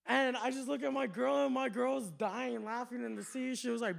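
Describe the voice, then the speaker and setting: A man doing a stand-up comedy set on a club stage, telling stories in an animated, profane way. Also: very high-pitched, quick pace, creaky, hardly any pauses.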